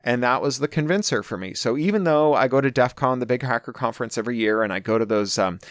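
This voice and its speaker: A man's voice: medium pitch, fast, no room sound, studio quality. A middle-aged man telling a long personal story in a casual way, quoting the people he talked to. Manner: animated anecdote-telling, quoting people in his own voice. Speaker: interview guest.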